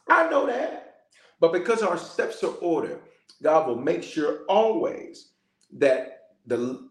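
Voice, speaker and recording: A male bishop preaching in a lively storytelling way and calling out to his listeners. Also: a little high, roomy sound. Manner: storytelling, animated, calls out to listeners. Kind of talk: sermon-style prayer message.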